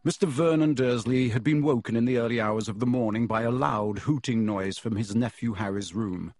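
A man reading an audiobook in measured storytelling narration, close to the mic. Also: medium pitch, a little mellow, no room sound, faint music behind.

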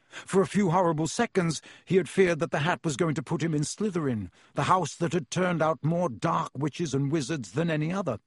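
Husky guy reading a storybook, kinda high voice, measured and expressive. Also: no echo, studio quality. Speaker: audiobook narrator. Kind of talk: scripted narration.

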